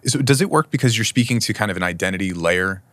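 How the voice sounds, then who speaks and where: A man's voice: on the low side, animated, fast, fairly bright tone, no room sound. A man hosting a podcast, curious and asking follow-up questions of his guest. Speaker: podcast host. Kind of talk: podcast interview.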